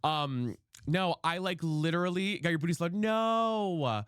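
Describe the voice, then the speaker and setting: A man's voice: a little high, normal speed, a bit bright, clear, resonant tone, dry recording, studio quality. A young man streaming from his room at home, chatting casually while he plays, greeting viewers by name and swearing freely. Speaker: live streamer. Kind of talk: casual live-stream chat while playing a game.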